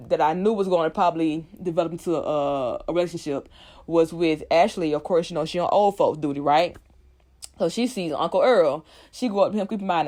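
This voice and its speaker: A woman's voice: lowish voice, a little mellow. A woman vlogger giving a casual, profanity-laced recap of a TV episode, talking animatedly with lots of fillers.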